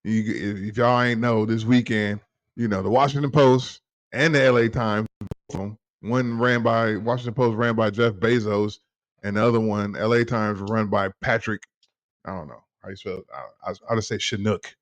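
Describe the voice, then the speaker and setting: A man hosting a casual political chat with his father, talking in an animated, rambling and profane way. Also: fairly low pitch, moderate pace. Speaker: host, son.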